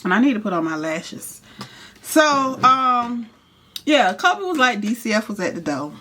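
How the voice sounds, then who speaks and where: A young woman, casually telling a profane, animated story while doing her makeup. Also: a little high, a little slow. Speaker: hairstylist and vlogger.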